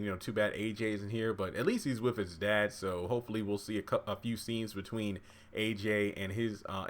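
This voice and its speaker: A man with a fairly low voice recaps a TV episode in a loose, chatty way. He rambles through asides and fillers, keeping it conversational. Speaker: TV recap vlogger. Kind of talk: casual episode recap commentary.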